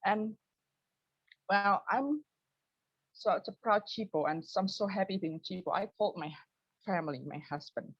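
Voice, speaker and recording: Husky woman doing self-mocking stand-up. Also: measured pace, long pauses, dry recording, muffled recording. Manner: self-mocking, lively, switches to high voice for quoted people. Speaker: open mic comedian. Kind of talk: stand-up comedy over a video call. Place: home, early morning.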